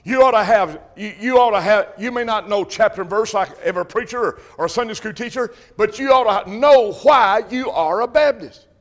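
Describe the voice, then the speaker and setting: Preacher, man, high-pitched, fervent and repetitive, pulpit sermon. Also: normal speed, hardly any pauses. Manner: emphatic, repetitive, rising to shouts. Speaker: Baptist preacher.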